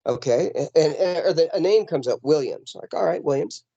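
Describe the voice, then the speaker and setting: A man telling a ghost story from his home over a video call, rambling and animated with lots of fillers and restarts. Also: a little high, fairly quick, gravelly, no echo, highs cut off. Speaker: paranormal investigator guest. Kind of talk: casual storytelling in an interview. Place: home in the mountains.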